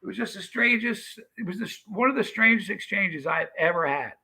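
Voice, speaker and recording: A man's voice: high-pitched, expressive, brisk, sharp tone, rough recording. A man from the United States hosting a live stream, telling a rambling story in a chatty way and talking straight to his viewers. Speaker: livestream host.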